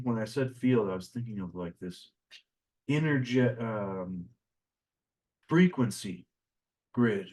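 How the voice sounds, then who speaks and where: A man giving a spiritual lesson in a slow, musing way, often trailing off into quiet asides. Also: mid-range voice, poor audio. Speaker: spiritual teacher. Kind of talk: reflective spoken lesson.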